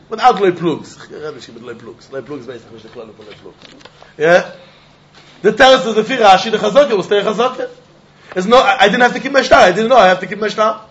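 A man's voice: high-pitched, expressive, brisk, a bit bright, lo-fi sound. A man teaching a Talmud class, repeating points with emphatic sing-song delivery and mixing in Yiddish and Hebrew terms.

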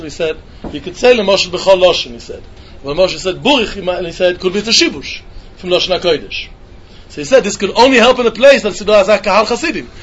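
A man's voice: high voice, a bit bright, dull audio, a little hiss or hum. A man giving a Talmud lecture, often repeating phrases and restarting sentences. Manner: mixes English with Hebrew and Yiddish terms, repeats phrases, restarts often. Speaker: Talmud teacher.

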